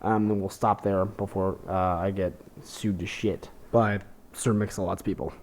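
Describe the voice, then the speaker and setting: A man's voice: low voice, flat delivery, moderate pace, darkish tone, slight background noise. A young man, hosting a podcast, telling rambling, self-deprecating comedy stories full of fillers and swearing. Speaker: podcast host. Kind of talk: casual comedic monologue.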